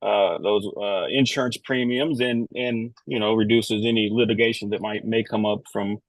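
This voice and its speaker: A man's voice: lowish voice, fairly even intonation, moderate pace, dry recording, poor audio. A man from Texas, speaking earnestly as a first-time attendee of an online roundtable and repeating words as he thinks. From Texas, United States. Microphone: video call.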